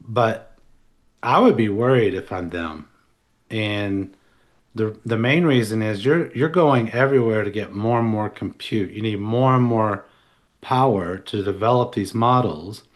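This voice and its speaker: A man's voice: on the low side, a little slow. A man co-hosting a podcast, talking in a loose, rambling way with restarts and asides. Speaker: podcast co-host. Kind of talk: casual analytical chat.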